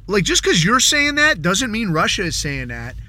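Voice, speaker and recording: A man hosting a podcast, ranting casually and rambling, with frequent swearing and "dude" tossed around. His voice sits fairly high and sounds bright and tense. He slips into mocking voices for others now and then. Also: wildly swooping pitch. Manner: acts out others in quick mocking asides. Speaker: podcast host. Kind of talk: casual political rant.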